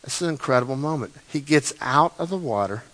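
A male pastor preaching a sermon, telling the story dramatically and swinging between loud and quiet passages. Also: mid-range voice, fast, low-quality recording. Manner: animated, dramatic storytelling with big swings in loudness.

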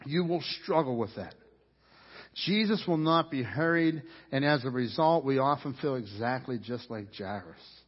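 A man's voice: mid-range voice, animated, a little slow. A man preaching a sermon as pastor, earnest and conversational, repeating his key points for emphasis. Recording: dull lo-fi audio with long hall reverb.

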